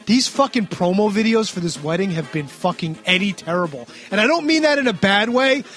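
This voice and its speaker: Excitable, high-voiced man cursing through a recap. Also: fairly quick. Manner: profane, excitable, acts out quotes loudly. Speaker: podcast co-host recapping wrestling. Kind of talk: casual chat.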